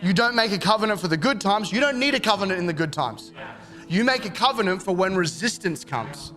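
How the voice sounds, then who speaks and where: A man, preaching a sermon in a relaxed, joking way and acting out short quoted exchanges. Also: high voice, soft background music. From Australia. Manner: conversational and jokey, acts out quick quoted exchanges. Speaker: pastor.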